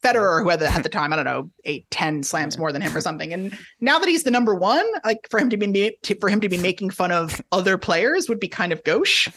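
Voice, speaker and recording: A man's voice: high voice, lively intonation, fast, hardly any pauses, bright, forceful tone, breathy edge. A man co-hosting a casual podcast, wry and self-deprecating, with rambling asides. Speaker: podcast co-host, tennis editor.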